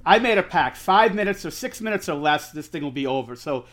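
A middle-aged man, co-hosting a podcast and telling stories in an animated way, swearing freely. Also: fairly high pitch, a little fast, a crowd in the background. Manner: animated storyteller, swears freely, acts out quotes. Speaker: podcast co-host. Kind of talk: casual storytelling chat.

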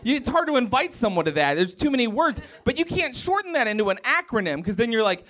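Lively high-voiced man doing stand-up. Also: fast talker, few pauses. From West Virginia. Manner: animated, self-mocking, jumps into exaggerated character voices. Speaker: stand-up comedian. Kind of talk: stand-up comedy set. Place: comedy club stage with audience.

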